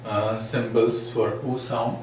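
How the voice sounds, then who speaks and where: Man, slow measured lecture, distant mic, very echoey room. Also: mid-range voice, level tone. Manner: patient, repeats sample words to demonstrate sounds. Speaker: phonetics teacher. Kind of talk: classroom lecture. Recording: very echoey room, far from mic, faint noise.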